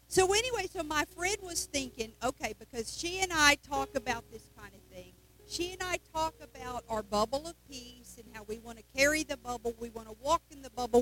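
High-pitched woman, folksy sermon delivery, emphatic storyteller. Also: a bit bright, rough recording. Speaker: worship leader.

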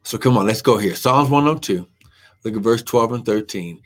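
A man's voice: on the low side, lively intonation, moderate pace, fairly bright tone. A man preaching a live-streamed sermon, fervent and full of "amen" and "glory" exclamations, who talks to viewers while looking up his verses.

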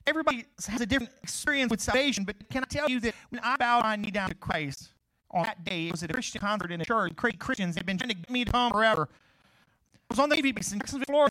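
Fast high-pitched preacher guy, middle-aged, jokey stories then loud scripture, dry close sound. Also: dry recording, rough recording. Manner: swings from loud preaching to quiet asides; storytelling with humor and laughs. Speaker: pastor. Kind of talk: sermon.

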